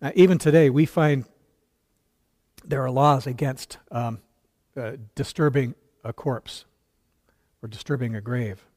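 A man's voice: mid-range voice, measured pace, pauses often, a little mellow. A male pastor preaching a sermon, retelling a story earnestly with quoted dialogue and occasional stumbles.

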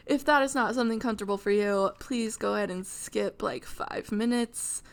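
A young woman co-hosting a casual book podcast, relaxed in her reactions. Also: mid-range voice, moderate pace, vocal fry, clean tone. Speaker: podcast co-host.

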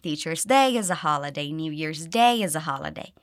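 A woman teaching English pronunciation, reading dialogue lines and slowly modelling phrases for learners to repeat. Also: sits low, expressive, no room sound, studio quality. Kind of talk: pronunciation lesson with repeat drills.

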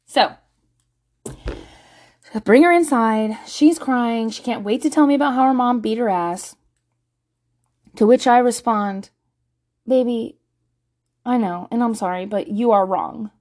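A woman in her thirties, her voice on the high side, tells a story casually, a little slowly and with long pauses. She's blunt and profane. She animates the tale by acting out what people said.

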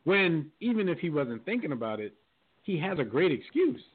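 A man's voice: fairly high pitch, big pitch swings, moderate pace, slightly rough. A man hosting a casual sports talk show, joking loosely and laughing often. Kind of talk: casual sports chat with callers. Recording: phone-quality line with faint hiss.

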